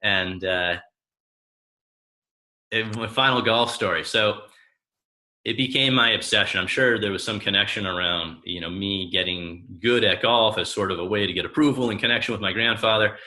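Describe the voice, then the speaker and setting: A man in his thirties tells personal stories about family in a lively way. His voice is a little low for a man and bright, with a forward edge, and he acts out the lines of the people he quotes. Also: moderate pace. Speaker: coach. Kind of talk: personal storytelling talk.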